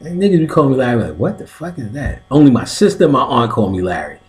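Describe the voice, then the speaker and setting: Loud, profane, laughing man. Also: quick pace, a little hiss or hum. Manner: loud, laughing, swings between high excited yelps and low mutters; swears constantly. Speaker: host of an occult class stream. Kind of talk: casual profane chat.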